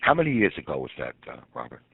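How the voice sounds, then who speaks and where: A man's voice: very deep voice, wildly swooping pitch, fast talker, vocal fry, a little hiss or hum. A man hosting a radio interview, encouraging his guest and asking long, winding questions. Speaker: radio host. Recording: dry, phone-like sound.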